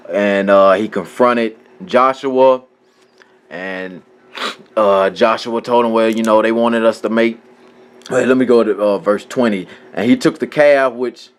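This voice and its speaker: A man's voice: lowish voice, clean tone. A man teaching from scripture in a casual way, reading passages aloud and often stopping to correct himself and talk to his viewers. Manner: informal, talks straight to viewers. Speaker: religious teacher.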